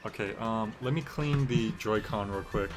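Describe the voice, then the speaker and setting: A man's voice: fairly low pitch, normal speed. A man streaming a video game, chatting in an easygoing, rambling way with lots of fillers. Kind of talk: casual gameplay commentary. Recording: game music playing behind.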